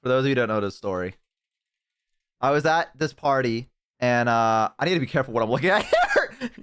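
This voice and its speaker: A man streaming and telling a story casually to his chat, swearing often and bursting into loud laughter. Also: medium pitch, wildly swooping pitch, fairly quick, smooth. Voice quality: profane, laughs hard and loud. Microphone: headset.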